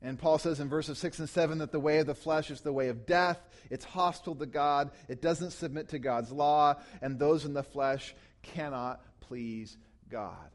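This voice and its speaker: A man preaching a sermon as pastor, teaching closely from scripture, rising to loud emphatic peaks and falling back to quiet, low passages. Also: normal speed. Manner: teaching tone, explains grammar of scripture.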